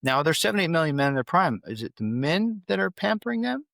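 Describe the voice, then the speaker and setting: A middle-aged man talks as a guest in an interview and tells long stories in an animated way. His pitch swings upward when the memory turns heated. The recording is dry and close to the mic. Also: fast, vocal fry, no room sound. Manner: animated storytelling, voice climbs when recalling anger. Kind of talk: interview conversation.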